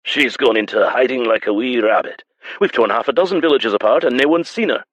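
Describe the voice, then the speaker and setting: A man voicing a boastful tavern thug with a mocking, brisk manner. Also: medium pitch, a bit bright, no echo, dull audio, voice pushed up, close to an everyday voice.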